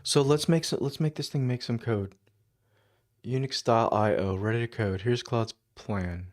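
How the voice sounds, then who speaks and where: A man's voice: medium pitch, normal speed. A man streaming his coding work, thinking aloud in a casual, musing way, often muttering half-finished asides to himself. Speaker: developer livestreaming his coding.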